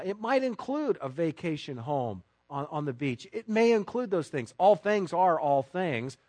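A man preaching a sermon to his congregation with emphatic stresses and quiet asides. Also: medium pitch, no room sound. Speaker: pastor.

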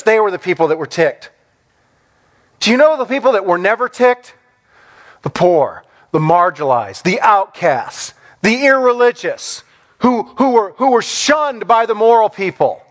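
Pastor, male, high and animated voice; emphatic, repetitive sermon delivery. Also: normal speed. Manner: rising to emphatic, repeated declarations.

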